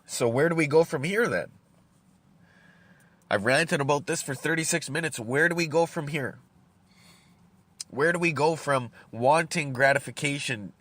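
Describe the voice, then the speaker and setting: A man's voice: fairly high pitch, fairly bright tone, no room sound. A man hosting a solo podcast, ranting in a rambling, profane way, often repeating words as he thinks, while he smokes and drinks coffee. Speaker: podcast host. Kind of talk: solo rant.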